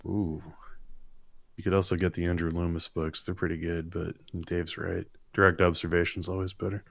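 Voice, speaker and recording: A man's voice: sits low, level tone, normal speed, gravelly, no echo. A man co-hosting a live stream, reading viewer questions aloud and answering with rambling, enthusiastic stories. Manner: chatty, rambling, enthusiastic storytelling. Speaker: comic artist and co-host.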